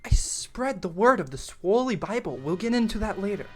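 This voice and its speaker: A young adult man telling a camp story in a casual, profane, animated way, full of slang and "like". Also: sits high, normal speed, faint music behind. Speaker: storytime YouTuber.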